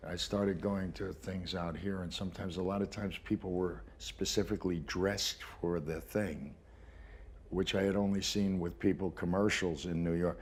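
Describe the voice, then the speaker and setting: Gravelly older man, low voice. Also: darkish tone, slight background noise. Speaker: actor. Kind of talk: casual conversation.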